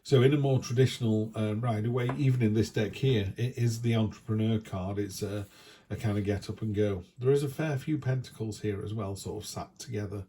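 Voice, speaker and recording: A man's voice: lowish voice, fairly even intonation, brisk, mellow, slight background noise. A man giving a chatty, down-to-earth weekly tarot reading in a casual, reassuring way. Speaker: tarot reader.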